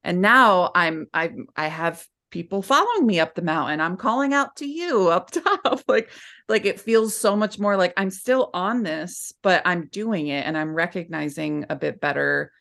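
A woman's voice: fairly low pitch, moderate pace, gravelly, fairly bright tone. A woman guest on a podcast, speaking candidly in a heartfelt, rambling way with many restarts. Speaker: podcast guest, former client. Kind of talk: candid conversational interview.

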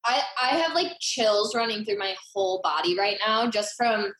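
A woman's voice: medium pitch, normal speed, fairly bright tone. A woman hosting a podcast, enthusiastic and effusive as she introduces and questions her guest. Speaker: podcast host. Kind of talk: casual interview chat. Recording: roomy, echoey sound.

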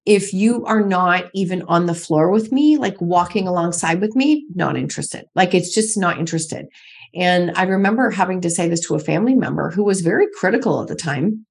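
A woman's voice: on the low side, expressive, a little fast, gravelly, breathy edge. A middle-aged woman, a podcast guest, telling her own story candidly and emphatically, repeating phrases for stress.

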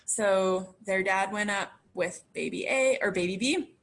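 A woman in her thirties with a slightly breathy, husky voice. She tells a personal birth story the way you would to a friend, in a chatty, animated way. She laughs as she goes and acts out the people she quotes. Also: mid-range voice, a little slow. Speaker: mother telling a birth story. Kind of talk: casual storytelling.

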